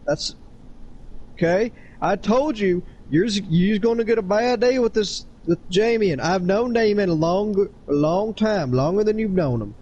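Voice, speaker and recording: A man's voice: high voice, measured pace, dark tone, dull audio, slight background noise. A man playing a folksy older mentor who calls the host son and scolds him over the phone. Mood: scolding. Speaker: friend on phone call.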